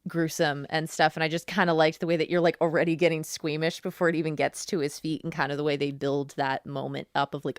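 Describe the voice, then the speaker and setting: Woman, very low voice, podcast co-host, casual chat, enthusiastic, dry sound. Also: little pitch movement, fast, few pauses, no room sound. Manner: enthusiastic, lots of "like".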